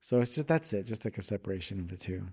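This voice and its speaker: A man's voice: fairly low pitch, expressive, fast, mellow, slightly rough. Man talking loosely and rambling. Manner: loose, rambling, slips into playful accent bits. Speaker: guest. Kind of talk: casual conversation.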